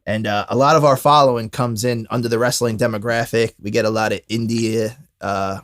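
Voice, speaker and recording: A man's voice: lowish voice, steady tone, fairly quick, fairly bright tone. A man hosting a wrestling podcast in laid-back, casual banter, swearing freely. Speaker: podcast host.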